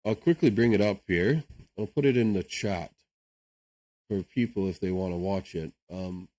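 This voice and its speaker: A man with a fairly low voice chats casually while he streams a game. He rambles from point to point and keeps tossing in "right?" to check in with his viewers. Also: moderate pace, mellow. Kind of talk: casual chat while gaming.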